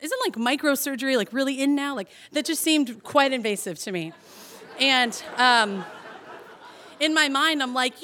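Young woman, a touch high-voiced, animated live storyteller who laughs through her tale. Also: moderate pace. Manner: chatty and animated, heavy on "like", laughs through the telling.

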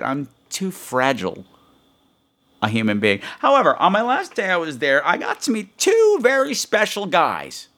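A man's voice: mid-range voice, big pitch swings, a little slow, a bit bright. A man hosts a podcast alone, talking in a frenetic, rambling stream. He mocks himself often and jumps from one thought to the next in a loose, chatty way. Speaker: podcast host. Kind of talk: casual podcast monologue.

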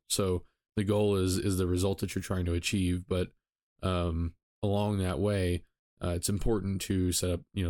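A man's voice: low-pitched, a little mellow, dry recording, clean studio sound. A man hosting a solo podcast, talking casually with frequent ums and self-corrections. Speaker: podcast host.

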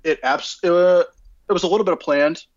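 A man guesting on a podcast, talking in a relaxed way with plenty of hesitations. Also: high voice, brisk, dry recording, lo-fi sound. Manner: relaxed, hesitant with many uhs. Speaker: photographer guest. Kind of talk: casual interview chat.

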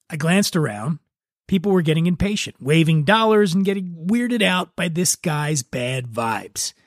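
Man reading a bar story aloud, wry and relaxed. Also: fairly high pitch, no echo, clean studio sound. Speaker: podcast host.

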